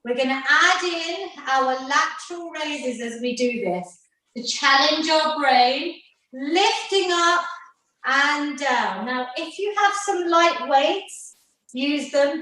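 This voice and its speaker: A woman's voice: high voice, slow pace, pushed and bright. A woman fitness instructor leading an online workout class, upbeat and encouraging, counting down the reps. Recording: very echoey room, mic far off.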